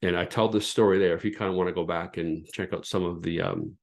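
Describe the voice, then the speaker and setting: A man's voice: sits low, fairly even intonation, quick pace. A middle-aged man, hosting a podcast and telling his personal story in an earnest, reflective way with frequent restarts. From Canada. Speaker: podcast host and former pastor.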